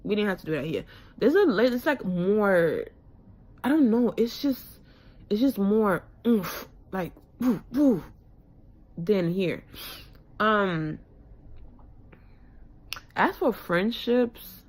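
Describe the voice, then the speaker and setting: A woman's voice: medium pitch, very animated, takes it slowly, long pauses. A young woman from West Africa chatting casually to camera in a frank, rambling vlog with slang and fillers. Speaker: vlogger.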